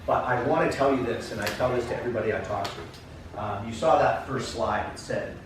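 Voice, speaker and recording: A man from Canada gives a keynote talk to coaches, telling stories from his career. He is heard from a distance, in a very echoey conference room with steady background noise. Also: mid-range voice, fairly quick. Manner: storytelling, acts out dialogue, addresses audience directly. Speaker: keynote speaker, soccer coach. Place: conference classroom.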